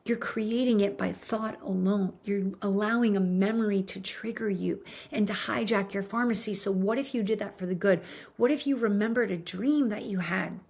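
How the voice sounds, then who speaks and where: A woman's voice: mid-range voice, normal speed, vocal fry, darkish tone, slightly rough. A woman giving an earnest motivational talk, coaching her listeners and often checking in with "right?". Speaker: motivational speaker.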